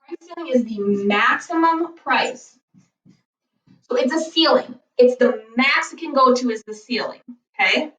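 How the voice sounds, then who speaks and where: A woman's voice: high-pitched, a little slow, fairly bright tone, reverberant, distant mic, poor audio. A woman teacher giving a recorded lesson, playful and jokey, who keeps asking "okay?". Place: basement floor at home.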